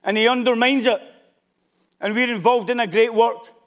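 A man with a strikingly high voice delivers a sermon. He preaches with emphasis and often pushes up into shouted exhortation. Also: steady tone, moderate pace.

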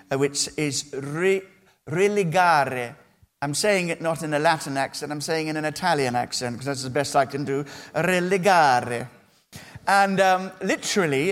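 A man preaching a sermon as pastor, speaking earnestly with emphatic phrasing and measured pauses. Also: a little high.

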